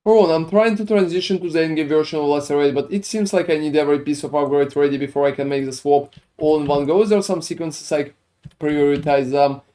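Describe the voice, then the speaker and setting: A man streams a game and talks fast in a slightly high, warm voice with a French accent. He's chatty with viewers, rambling through his answers to chat with plenty of fillers.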